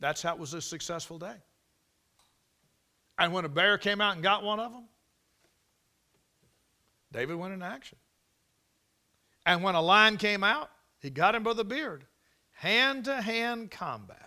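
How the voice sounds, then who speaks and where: A man preaching a sermon, telling the story dramatically and swinging from loud exclamations to near whispers. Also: sits high, animated, a little slow, pauses often.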